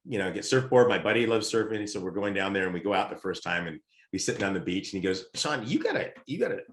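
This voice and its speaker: A middle-aged man, a podcast guest, telling lively stories in casual conversation. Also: low voice, fast talker. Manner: lively anecdotal storyteller. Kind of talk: casual storytelling. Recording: roomy echo.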